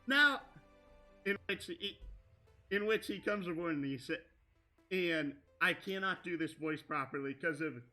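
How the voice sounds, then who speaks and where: A high, very bright male voice runs a tabletop game, narrating slowly and rambling through restarts. Soft music plays underneath. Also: lively intonation. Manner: rambling, full of restarts and fillers like "like". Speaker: game master.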